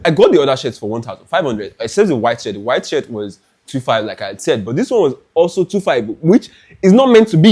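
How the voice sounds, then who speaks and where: A young Nigerian man with a Nigerian accent, telling a lively, dramatic story in a chatty clothing haul vlog. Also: medium pitch. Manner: animated, dramatic, restarts often. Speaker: fashion vlogger.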